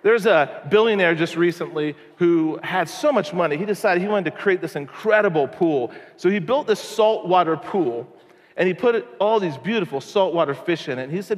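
A man preaching a sermon, telling stories in a conversational, animated way. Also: high-pitched, normal speed. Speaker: pastor. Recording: long hall reverb.

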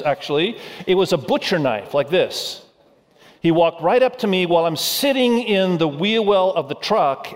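A middle-aged male pastor giving a sermon, telling a humorous story and asking the congregation questions. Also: on the high side. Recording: reverberant hall sound.

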